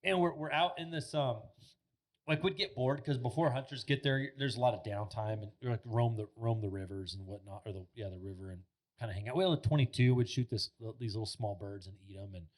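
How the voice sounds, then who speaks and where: Cast a man in his thirties, mid-pitched, for a podcast guest spinning loose, animated tales full of filler words. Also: a little fast. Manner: animated, rambling, heavy filler words, swears freely. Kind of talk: casual storytelling chat. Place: podcast studio.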